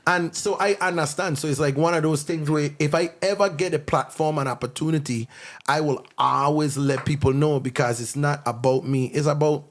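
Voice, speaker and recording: Virgin Islands man telling lively stories. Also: a little high, moderate pace. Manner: animated storytelling, acts out voices of others. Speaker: podcast guest, songwriter. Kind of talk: casual chat.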